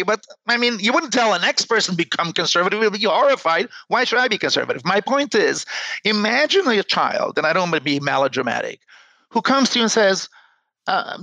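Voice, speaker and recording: Earnest rabbi with a bright voice. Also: male voice, sits high, sing-song, fairly quick, creaky, no echo, rough recording. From United States. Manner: earnest, repeats words when starting sentences. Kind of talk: panel discussion.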